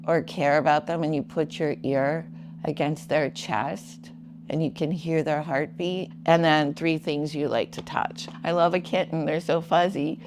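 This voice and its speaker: Woman host doing a chatty self-help vlog, pretty low voice, playful and guiding. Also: slight background noise. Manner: warm-hearted, playful, guiding the listener. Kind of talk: reflective self-help talk.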